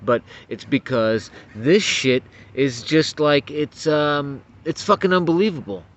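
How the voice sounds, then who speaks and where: A man's voice: a little high, a little slow. A man giving an angry, profane political rant to camera, getting worked up and stumbling over repeated words. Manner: profane, agitated, stumbling restarts. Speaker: vlogger. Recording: dull lo-fi audio.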